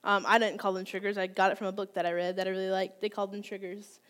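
A woman's voice: mid-range voice, little pitch movement, quick pace, a bit bright. A woman in her twenties giving a candid, conversational sermon, open and self-deprecating about her own faults. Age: 20s. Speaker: youth speaker.

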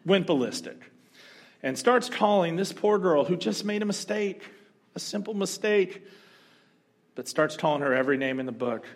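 A male pastor telling a story during a sermon, animated and joking now and then. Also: sits high, normal speed. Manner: storytelling, animated, humorous asides.

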